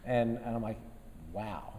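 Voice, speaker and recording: Man, 50s, army general guest speaker, folksy dry humor, relaxed with fillers, warm mellow tone, long hall reverb. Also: medium pitch, normal speed, slight background noise. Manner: relaxed and conversational, many fillers. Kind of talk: after-lunch speech to a business group. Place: meeting room before a live audience.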